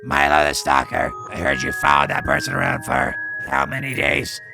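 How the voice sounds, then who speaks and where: A man's voice: extremely low pitch, very animated, normal speed, vocal fry, over music, heavily acted. A man voicing a sneering, cruel young bully who taunts and mocks in a live-streamed game reading. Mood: taunting. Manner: mocking and taunting.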